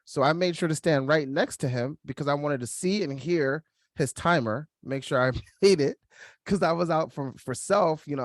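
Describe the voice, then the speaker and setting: Young man, casual podcast storytelling, animated, mid-pitched voice, dry close sound. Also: no room sound. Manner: animated, acts out quoted voices, laughs while telling. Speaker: podcast co-host.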